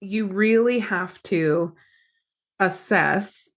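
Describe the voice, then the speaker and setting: A woman's voice: mid-range voice, extremely slow. A woman therapist and podcast host, telling a story in casual chat and acting out the quotes as she goes. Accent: American. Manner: animated storyteller, acts out quotes.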